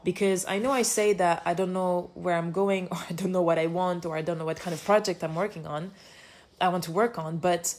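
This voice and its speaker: Energetic woman with a French accent. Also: lowish voice, fairly quick. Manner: energetic, swears freely, drops French phrases. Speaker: podcast host. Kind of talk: casual reflective monologue.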